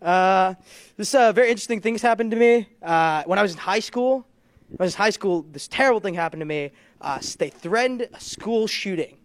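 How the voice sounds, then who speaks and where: Young man doing stand-up, high voice. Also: expressive, a little fast, dry recording. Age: young adult. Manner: rambling, self-deprecating storytelling with frequent laughs. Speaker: stand-up comedian. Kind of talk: stand-up comedy set. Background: audience laughter.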